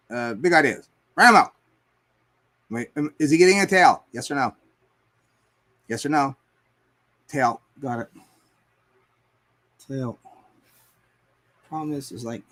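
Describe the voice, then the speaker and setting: A man's voice: medium pitch, measured pace, long pauses, fairly bright tone. Casual swearing man talking while painting. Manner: rambling, talks to himself and chat, swears often. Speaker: live streamer painting on air. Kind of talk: casual live-stream chat while painting.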